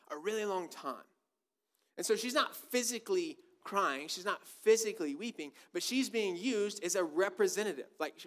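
A man's voice: high-pitched, a bit bright. A man preaching a sermon, emphatic and full of repeated rhetorical questions.

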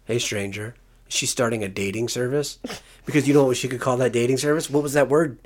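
A man's voice: mid-range voice, fast talker, darkish tone. A man co-hosting a casual podcast with his child, talking in a playful, teasing way with jokey interruptions. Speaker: podcast co-host and parent.

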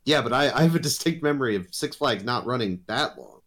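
A man with a lively, swooping pitch, co-hosting a podcast in relaxed chat. He jokes around playfully and breaks into laughter often. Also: quick pace. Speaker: podcast co-host. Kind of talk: casual chat.

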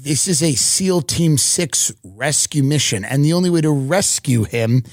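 A man in a casual comedy podcast chat, cracking slow, dark jokes. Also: fairly high pitch, lively intonation, dry recording, clean studio sound.

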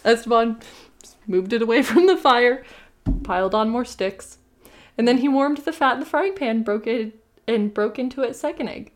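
A woman's voice: on the high side, moderate pace. A young woman co-hosting a casual podcast, reading a folktale aloud with amused commentary and playful voices. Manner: lively, amused, reads with playful character voices.

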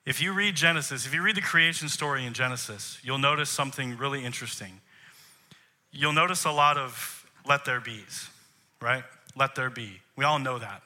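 A man's voice: medium pitch, moderate pace, bright, forceful tone. A man, a worship leader, preaching a sermon in an emphatic way, posing rhetorical questions to the congregation.

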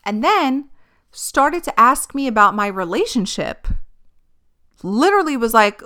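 A woman's voice: on the high side, very animated, unhurried, pauses often, pushed and bright. A young woman hosting a podcast, telling a personal story in a candid, exasperated way, swearing and laughing often. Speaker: podcast host. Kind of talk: casual storytelling monologue.

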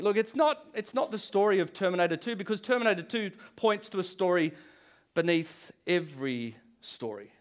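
A man preaching a Good Friday sermon to a church congregation, telling stories with a joking touch and chuckling often. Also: sits high. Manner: storytelling, jokey, chuckles often. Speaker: pastor.

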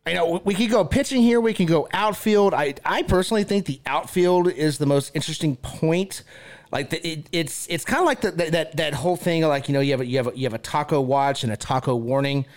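A man's voice: a little high, brisk. A man hosting a sports podcast, chatting casually in a laid-back way with loose, folksy phrasing. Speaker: podcast host.

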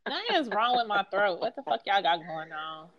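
A woman's voice: mid-range voice, very animated, brisk, fairly bright tone, highs cut off. A woman co-hosting a casual chat, sassy and profane, talking over others. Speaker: co-host.

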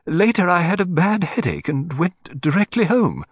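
A man's voice: sing-song, normal speed, husky, no room sound, exaggerated voice. A man putting on a frail, charming old lady. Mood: pleading. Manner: low, charming, pleading. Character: gentle, frail elderly shopkeeping woman.

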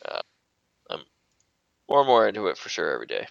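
A man's voice: low voice, wildly swooping pitch, fast talker, vocal fry, a bit bright, no echo, muffled recording. A man co-hosting a podcast in casual chat, laid-back, swearing and laughing often. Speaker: podcast co-host.

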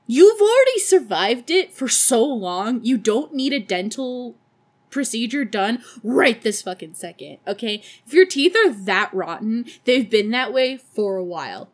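A young woman hosting a podcast, recapping a film in a casual, sarcastic, profane way with laughing asides. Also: fairly high pitch. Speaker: podcast host.

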